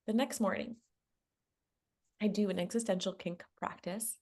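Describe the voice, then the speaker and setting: A woman love coach telling a personal story in a relaxed conversation, laughing often and acting out what people said. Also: mid-range voice, moderate pace, long pauses. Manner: animated, laughs often, acts out quotes.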